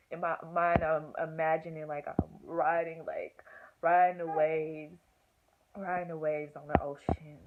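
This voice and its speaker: Animated young woman telling a story. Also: low-pitched. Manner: animated, acts out quotes with groans and whispers. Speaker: vlogger. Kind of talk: casual storytelling. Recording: tinny phone-like audio with faint hiss.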